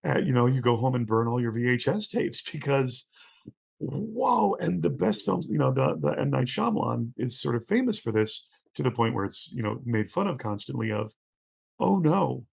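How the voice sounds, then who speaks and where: A middle-aged man with a gravelly, husky voice spins animated stories about horror films. He acts out the characters' lines and often restarts his sentences as he builds to the punchline. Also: mid-range voice, a little fast, hardly any pauses. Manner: acts out scenes with quoted voices, frequent restarts. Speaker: guest, horror scholar. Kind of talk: animated storytelling in conversation.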